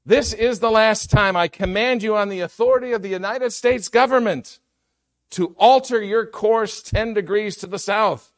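Preacher doing a bossy captain: loud, high, slow, insistent orders. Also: male voice, expressive. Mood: angry commanding. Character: stern commanding male ship captain.

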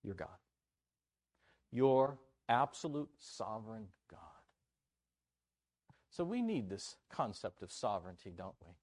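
Preaching at a church conference, a man speaks a little slowly in a medium pitch while he animatedly tells a story and does voices for its characters.

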